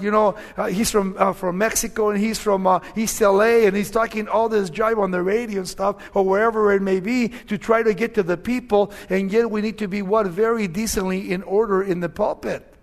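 A man's voice: high voice, gravelly. Older man preaching with an accent. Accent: Spanish-accented English. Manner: conversational preaching, rising to emphatic questions. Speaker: pastor. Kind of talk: sermon.

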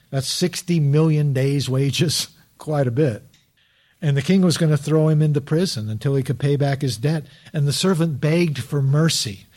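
A man's voice: fairly high pitch, darkish tone. A pastor giving a sermon in a conversational preaching manner, often posing rhetorical questions to his listeners.

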